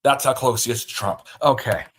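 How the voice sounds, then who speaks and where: A man's voice: medium pitch, brisk. Agitated man ranting on a livestream. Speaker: livestream host. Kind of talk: livestream commentary.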